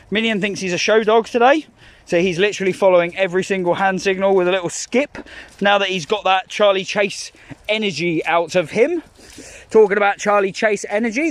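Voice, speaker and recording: A man from Scotland with a Glasgow accent, a professional dog walker chatting excitedly to camera outdoors while calling commands to the dogs. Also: high voice, no room sound. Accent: Scottish, Glasgow. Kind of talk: casual vlog narration while walking dogs. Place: outdoors in parks and forest.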